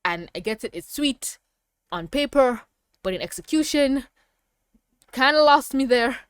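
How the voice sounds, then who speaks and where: A woman giving a casual review of a TV episode, rambling and excitable, with emphatic outbursts. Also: sits high, measured pace, smooth, no room sound, clean studio sound.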